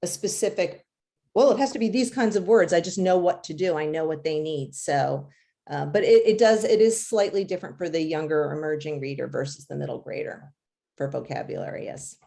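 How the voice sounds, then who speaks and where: A woman's voice: low-pitched, fairly quick, creaky, warm tone. A woman who writes children's books, answering interview questions in a chatty way, with many fillers and light laughs. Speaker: children's author.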